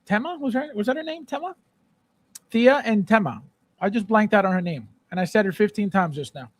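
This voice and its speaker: High-voiced animated male livestream host. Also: fairly quick. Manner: animated, repeats phrases, playful shouting bits. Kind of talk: casual live chat reading viewer comments.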